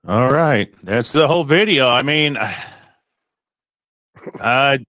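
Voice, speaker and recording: A man's voice: medium pitch, animated, drawn-out words, pushed and bright, dry recording. A man hosting a live stream in casual chat, stammering, rambling and apologizing a lot.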